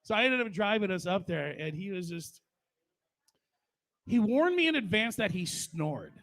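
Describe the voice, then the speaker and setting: A man's voice: high voice, very animated, moderate pace, a bit bright. A man in his forties doing crude, profane stand-up storytelling at a memorial. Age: 40s. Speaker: stand-up comedian.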